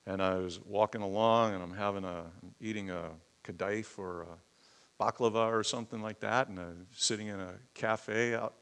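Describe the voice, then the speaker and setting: Lower-voiced man preaching conversationally. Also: fairly even intonation, normal speed, fairly bright tone, smooth. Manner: conversational teaching with emphatic outbursts. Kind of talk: sermon.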